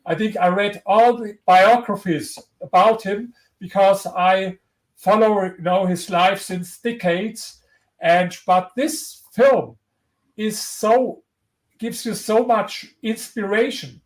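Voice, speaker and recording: High-voiced man with German accent. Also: takes it slowly, rough recording. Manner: earnest, motivational, frequent restarts. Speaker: interview guest, author. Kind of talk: conversational interview.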